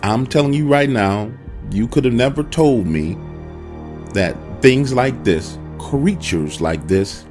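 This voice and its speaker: Man telling a true scary story, swooping animated voice, dramatic pauses, faint music underneath. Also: mid-range voice. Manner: dramatic, addresses listeners directly. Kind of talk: first-person horror story narration.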